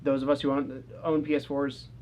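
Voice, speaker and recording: A man co-hosting a casual gaming couch chat, blunt and quick to swear. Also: medium pitch, level tone, darkish tone. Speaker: co-host of a gaming channel.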